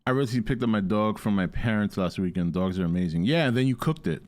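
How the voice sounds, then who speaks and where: A man's voice: on the low side, lively intonation, fast, darkish tone. A man chatting playfully on a live stream, joking around and talking to his dog. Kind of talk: casual live stream chat.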